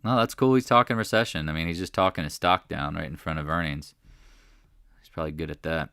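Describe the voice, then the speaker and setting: A man's voice: a bass voice, fast, a bit bright, smooth, dry recording, clean studio sound. A man hosting a live market chat, talking casually and emphatically, repeating his points and rambling between thoughts. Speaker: stock market livestream host.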